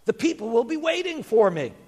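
An excitable young male donkey, proud and a little naive, voiced by a man telling a children's story. His voice rides high and swoops all over as he calls out. The sound carries a long hall reverb. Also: a little fast, husky, exaggerated voice. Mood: eager. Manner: excited, high-pitched, pleading.

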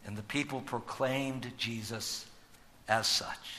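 A man preaching a sermon as pastor, emphatic, posing rhetorical questions and swinging sharply between loud and soft. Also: medium pitch, fairly even intonation, takes it slowly. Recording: long hall reverb.

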